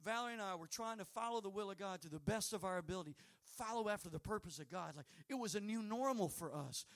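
A preacher telling a folksy, rambling story from the pulpit. His voice sits very high and bright, and he climbs toward loud, fervent praise. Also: lively intonation, fast. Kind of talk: sermon storytelling.

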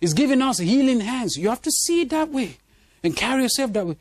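Male pastor, lively pitch, animated sermon with laughs and call-and-response to the church. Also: fairly quick, no room sound. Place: church congregation.

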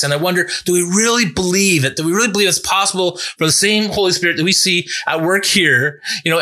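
A male pastor giving a sermon in an earnest, conversational way, building to emphatic peaks and dropping low for reflective points. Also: bright, forceful tone. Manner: earnest, conversational preaching with restarts and rising emphasis.

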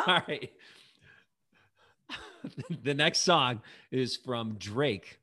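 A man with a middle-pitched voice hosts a relaxed lyric quiz at home with a friend. He reads the lines and the answer choices aloud and laughs easily along the way. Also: drawn-out words. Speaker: quiz host. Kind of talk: casual game chat.

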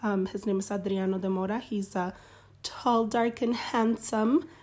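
A woman's voice: mid-range voice, fairly even intonation, measured pace, a little mellow. A woman in her thirties, a guest on a casual podcast, easygoing and laughing along. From California. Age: 30s.

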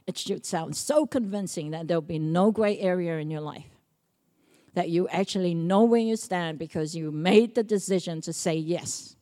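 A woman's voice: lowish voice, moderate pace, dark tone. Emphatic woman preaching. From Samoa. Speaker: pastor. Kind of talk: sermon.

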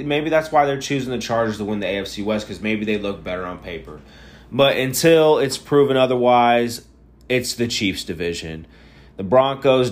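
Tired, opinionated man rambling about football. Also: lowish voice. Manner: rambling, opinionated, restarts often. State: tired, yawning. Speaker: podcast host. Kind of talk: casual solo sports podcast.

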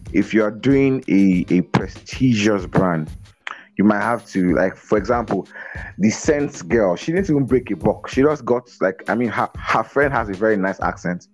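A man speaking as a guest in a casual interview over a video call, energetic, often repeating words and laughing. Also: fairly low pitch. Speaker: guest on a business podcast.

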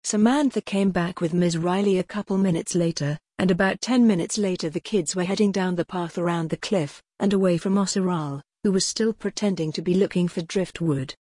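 Lady reading a kids story, low-ish warm voice, kinda breathy. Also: brisk, hardly any pauses, dry recording, clean studio sound. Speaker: audiobook narrator. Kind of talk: scripted storybook narration.

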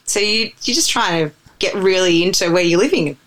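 A woman's voice: fairly low pitch, brisk, poor audio. Chatty Australian woman telling stories. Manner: animated, chatty storyteller. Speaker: guest, radio presenter. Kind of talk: casual interview chat.

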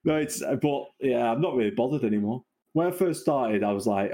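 A man in his thirties with a Mancunian accent chats casually on a podcast, laughing often and poking fun at himself. His warm, medium-pitched voice moves fairly quickly with few pauses.

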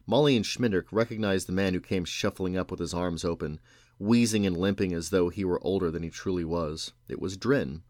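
Deep-voiced man reading a story aloud. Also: no room sound, studio quality. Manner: measured, expressive.

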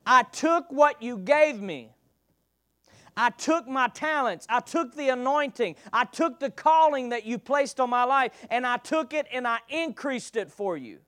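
High-voiced man preaching a sermon. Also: expressive, a little slow, clear, resonant tone, dry recording, studio quality. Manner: reads scripture aloud then expounds, calls for congregation responses; swings from loud declaiming to soft murmured asides.

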